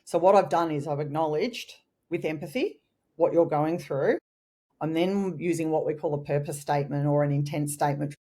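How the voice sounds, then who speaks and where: An Australian woman with a low-pitched voice speaks at a normal pace as a guest trainer on a podcast interview. She tells lively stories, acting out lines from customers and collectors.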